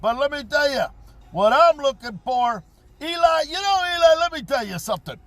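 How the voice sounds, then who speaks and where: A man's voice: very high voice, animated, moderate pace, fairly bright tone, no room sound. A man in his fifties hosting a live stream outdoors, talking in a brash, swaggering, repetitive way. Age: 50s. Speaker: livestream host. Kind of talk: boastful live-stream monologue.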